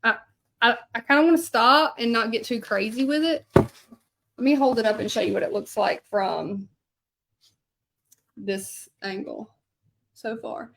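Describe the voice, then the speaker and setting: A woman's voice: a little high, unhurried, gravelly, pauses often, fairly bright tone. A woman chatting casually to live viewers in her home craft studio as she hand-letters a sign, rambling from story to task. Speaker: hand-lettering artist and channel host. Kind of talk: casual livestream chat while painting.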